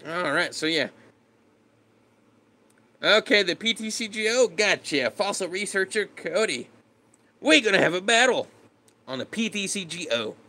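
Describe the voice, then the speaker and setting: A man's voice: high-pitched, animated, measured pace, long pauses, sharp tone. A man casually chatting with his live stream viewers, laid-back and greeting them by name. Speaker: streamer reading chat.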